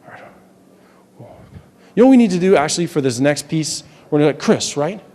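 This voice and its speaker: A man's voice: on the high side, expressive, normal speed, warm tone. A man from New Hampshire working as a stage hypnotist, chatting with volunteers in loose, rambling patter full of restarts, recorded live in a large campus hall. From New Hampshire, USA. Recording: live hall with long reverb.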